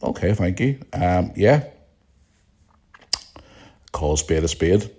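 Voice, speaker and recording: A man's voice: sits low, animated, slow, mellow, husky. An Irish man hosting a podcast in a casual chat, reading out listener messages and answering them bluntly, with frequent swearing and chuckles. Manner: blunt and outspoken, swears freely, chuckles often. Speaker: podcast host.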